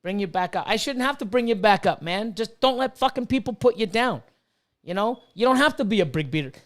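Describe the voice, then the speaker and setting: A man's voice: high voice, lively intonation, brisk, fairly bright tone. A middle-aged man who breeds reptiles, ranting heatedly on a casual livestream, swearing constantly and repeating himself. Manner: profane, heated, repetitive ranting.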